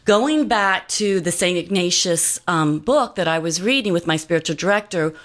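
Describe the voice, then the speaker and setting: A woman's voice: on the low side, expressive, normal speed. A woman guest telling a personal story in an earnest, meandering way, full of fillers and restarts.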